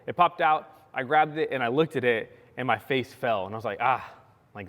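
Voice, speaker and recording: A young man giving a sermon, telling a personal story in a lively, animated way, acting out the quotes and saying "like" often. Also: mid-range voice, normal speed. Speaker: pastor. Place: church sanctuary. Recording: long hall reverb.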